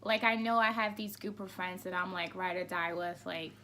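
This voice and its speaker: A young woman co-hosting a podcast, telling lively stories with laughs in a casual chat. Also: fairly low pitch, a little hiss or hum. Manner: lively storyteller, quick to laugh. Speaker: podcast co-host.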